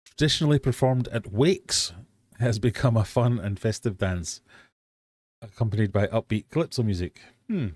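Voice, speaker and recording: A man's voice: fairly low pitch, animated, normal speed, a little mellow, dry recording, clean studio sound. British man hosting a chatty quiz. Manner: chatty, reads quiz questions, self-mocking dad jokes. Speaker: quiz host of a live stream. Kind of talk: casual live-stream quiz hosting. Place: home fish room.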